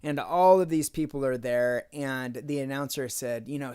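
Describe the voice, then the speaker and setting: A man's voice: medium pitch, normal speed, few pauses, darkish tone, clean tone. Man telling a faith story casually. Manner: conversational, acts out quoted dialogue with "I'm like". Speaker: speaker sharing a faith testimony.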